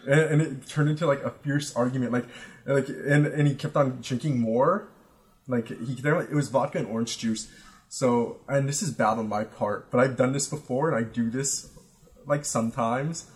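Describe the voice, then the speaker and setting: A young man in his twenties tells a story on a podcast in loose, casual chat. He swears freely and trips over his own sentences, filling the gaps with "like" and "uh". His voice sits at an ordinary middle pitch. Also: normal speed. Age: 20s. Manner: rambling, profane, many fillers and restarts. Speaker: podcast co-host.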